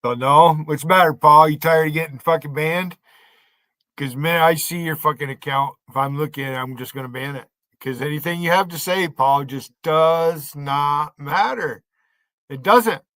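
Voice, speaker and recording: A man's voice: fairly high pitch, fairly even intonation, moderate pace, fairly bright tone, dry recording. A man hosting a livestream, ranting at viewers in his chat by name, taunting and cursing them. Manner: profane, taunting, combative. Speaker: livestream host.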